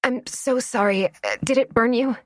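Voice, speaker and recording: A woman's voice: fairly high pitch, normal speed, no room sound, clean studio sound, voice pushed up, natural voice. A woman voicing a flustered, eager young city woman on her first day as a waitress. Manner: nervous, breathless and eager.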